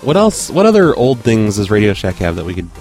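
A man's voice: lowish voice, wildly swooping pitch, fairly quick, darkish tone, faint music behind. A man co-hosting a show in casual chat, rambling and laughing easily. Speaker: podcast co-host.

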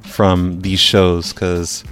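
A man's voice: low voice, monotone, very slow, a bit bright, soft background music. Dry, sarcastic male podcast host. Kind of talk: casual podcast banter.

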